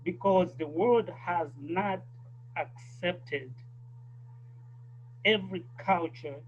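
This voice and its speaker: A man's voice: sits high, slow, muffled recording, slight background noise. A man with a South African accent, a guest in a conversation, speaking in a thoughtful and emphatic way. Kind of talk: casual conversation.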